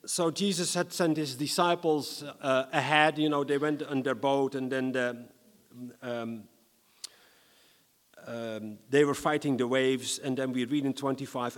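A man from the Netherlands, preaching a sermon in a lively, humorous way and reading scripture dramatically. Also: medium pitch, unhurried, in a large hall.

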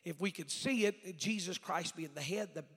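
A middle-aged man preaching a storytelling sermon in a folksy way, swinging from loud preaching to hushed asides. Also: sits high, moderate pace, slightly rough. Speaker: evangelist preacher. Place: church sanctuary. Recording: reverberant church hall.

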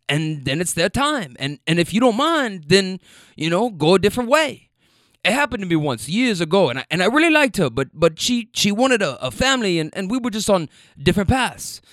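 A man's voice: high-pitched, a bit bright, no room sound, clean studio sound, voice pushed up. A man voicing a single forty-year-old passenger with an imitated South American accent, repeating words and restarting sentences. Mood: candid. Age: 40s.

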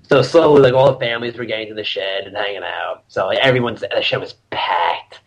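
Young man, podcast guest, animated storyteller, laughs often, casual chat. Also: fairly low pitch, a little fast, rough recording.

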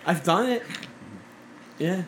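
A man's voice: high voice, lively intonation, slow, fairly bright tone. Guy rambling on a podcast, swears constantly, trails off, light hiss behind. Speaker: podcast co-host. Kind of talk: casual chat.

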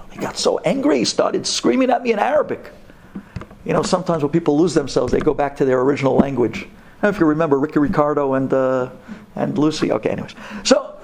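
A man, a rabbi, telling a story to an audience, animated and dramatic, sprinkling in Hebrew terms. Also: fast talker, gravelly, a little hiss or hum. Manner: animated, voice jumps up high for dramatic moments.

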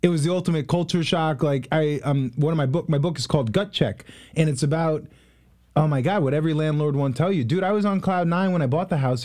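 A man in his twenties, a guest in a casual interview, telling stories in an animated way with many fillers. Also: fairly high pitch. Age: 20s. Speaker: guest, real estate investor.

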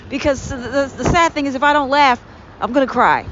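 A woman's voice: fairly high pitch, fast. Sarcastic ranting woman, lo-fi podcast. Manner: sarcastic, exasperated, swearing. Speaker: podcast host. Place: indoors near a street with honking cars. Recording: dull lo-fi home recording with faint traffic.

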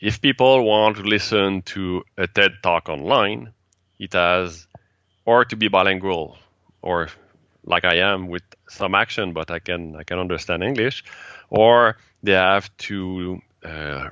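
A man from Quebec with a French-Canadian accent, a native French speaker being interviewed about the events he organizes, speaking halting English and searching for words. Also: low-pitched, bright, forceful tone, clean tone, no room sound, lo-fi sound. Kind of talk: casual interview chat.

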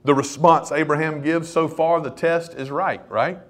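A man's voice: a little high, moderate pace. A man preaching a sermon, speaking straight to the congregation and swinging his voice up and down for emphasis. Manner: animated preaching, rising and dropping his voice, addressing the congregation directly. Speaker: pastor.

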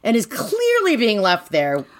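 A woman's voice: a little high, huge pitch swings, a little slow. A woman co-hosting a casual book recap, laughing often and mocking the characters in put-on voices. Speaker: podcast co-host.

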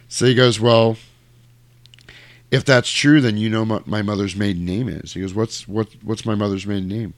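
A low-pitched man talks casually, retelling a film's plot and slipping into quick character voices. The sound is dry and close, with no room around it. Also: no room sound. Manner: animated storyteller acting out lines in quick voices. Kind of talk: casual chat retelling a movie.

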